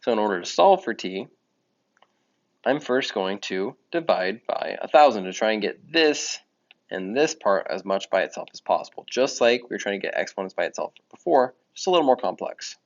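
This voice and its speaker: A man's voice: fairly low pitch, animated, moderate pace. A man teaching a math lesson in a casual explaining way, often correcting himself. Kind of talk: recorded classroom lesson. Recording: dull lo-fi audio.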